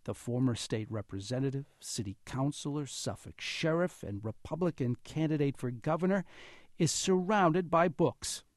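A man's voice: medium pitch, moderate pace, dry recording. A man hosting a radio talk show, narrating a feature and then introducing guests in the studio. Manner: lively, animated delivery.

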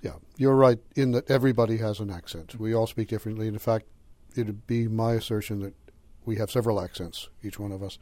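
Man, middle-aged, light Boston accent, professor, low voice, mellow tone, measured lecturing manner, dry close sound. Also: fairly even intonation, no room sound. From Boston area. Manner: measured, lecturing, with fillers and chuckles. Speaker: linguistics professor, guest. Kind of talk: explanatory interview answers.

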